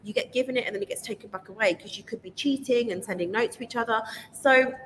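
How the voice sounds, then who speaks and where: A woman guest in a casual chat, telling lively stories and laughing often. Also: fairly high pitch, fast. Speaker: podcast guest. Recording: roomy reverb with faint noise.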